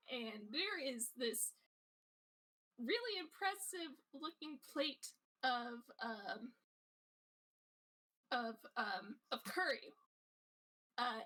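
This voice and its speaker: A woman's voice: sits high, pushed and bright, rough recording. A woman narrating her character in a casual tabletop role-play, giggly and full of little fillers. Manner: giggly, lots of fillers and restarts. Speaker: player.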